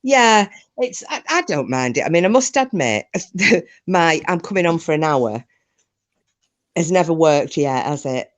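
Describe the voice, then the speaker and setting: A woman's voice: sits low, lively intonation, measured pace. Friendly woman hosting a chat. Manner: friendly, rambling. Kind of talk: casual chat.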